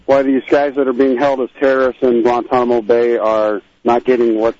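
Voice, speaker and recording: A man's voice: mid-range voice, little pitch movement, fairly quick, a little mellow, dry recording, dull audio. A man calling in to a radio show, explaining hesitantly with fillers. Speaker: caller. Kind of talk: phone-in call.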